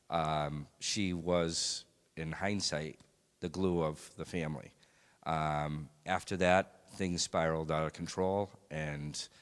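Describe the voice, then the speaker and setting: A man sharing a personal faith testimony in a church, speaking in a halting, reflective way with many pauses and fillers. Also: sits low, clear, resonant tone. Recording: long hall reverb.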